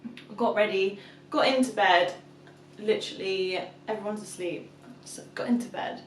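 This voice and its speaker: Young mum vlogger, casual chatty storyteller, recorded in an echoey room. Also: female voice, mid-range voice, moderate pace, slight background noise. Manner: chatty storyteller, acts out her toddler's shouts. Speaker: vlogger, mother of two. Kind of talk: casual chat to camera. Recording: echoey room, mic at a distance.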